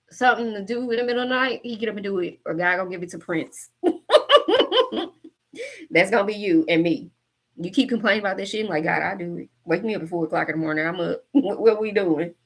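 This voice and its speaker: This woman, a tarot reader and coach in her forties, delivers a laid-back spiritual reading to the camera while cursing freely, speaking bluntly, joking and laughing often. She talks briskly at a medium pitch and pauses often.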